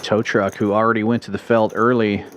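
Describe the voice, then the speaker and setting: A man giving live poker play-by-play commentary in a brisk, playful way with puns, in a casino card room. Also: lowish voice, flat delivery, background noise.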